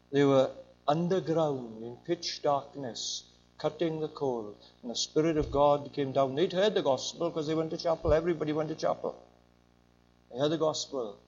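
An older man preaching a sermon, his voice sitting a little high for a man. He drives his points home with emphatic swings up and down. The recording sounds dull and lo-fi. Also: moderate pace, a little mellow. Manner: emphatic, rising and falling.

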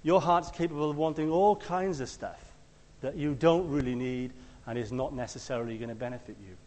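A man preaching a conversational sermon. He tells stories and acts out the quotes, sometimes shouting them loudly. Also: mid-range voice, a little fast, long reverb tail.

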